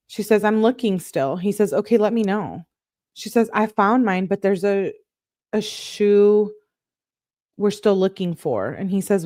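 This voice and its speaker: A woman's voice: medium pitch, moderate pace, dry recording, clean studio sound. A woman commentator on a livestream, reading out text messages and breaking in with exasperated asides. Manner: reads both sides of the texts in a flat reading tone, breaks in with exasperated asides. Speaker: true crime commentator on a livestream.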